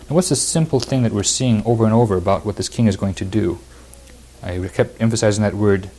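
A man's voice: lowish voice, a little fast, dark tone. A man preaching a verse-by-verse sermon, reading scripture aloud and explaining it with emphatic repetition.

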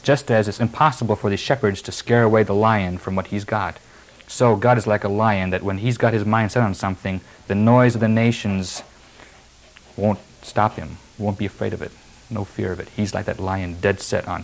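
A man's voice: fairly low pitch, fairly even intonation, moderate pace, slight background noise, low-quality recording. A man preaching a sermon, reading verses and then explaining them emphatically. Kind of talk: sermon expounding scripture.

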